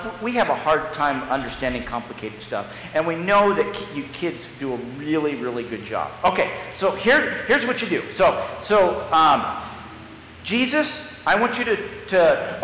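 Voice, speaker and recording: A man's voice: fairly high pitch, big pitch swings, moderate pace, fairly bright tone, a little hiss or hum. A man serving as pastor, leading a children's message in a church sanctuary, guiding the kids through a story in a stop-start, playful way. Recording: echoey church hall, live stream.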